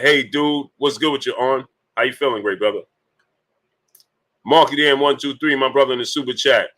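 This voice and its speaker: A man's voice: mid-range voice, sharp tone, rough recording. A man hosting a casual boxing talk livestream, greeting viewers by name between his points, with many fillers.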